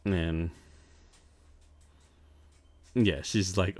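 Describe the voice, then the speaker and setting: Relaxed lower-voiced male podcast co-host, swears and laughs freely, dry close sound. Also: moderate pace, no room sound. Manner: loose and profane, laughs often, many fillers. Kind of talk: casual chat, recapping an anime.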